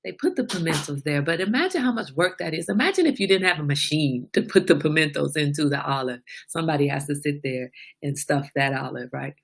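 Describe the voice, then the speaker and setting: A woman's voice: deep voice, expressive, a little fast, vocal fry, breathy edge. A woman in her forties hosting a casual livestream chat, talkative and laughing, teasing her son with mock exasperation. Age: 40s. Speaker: livestream host.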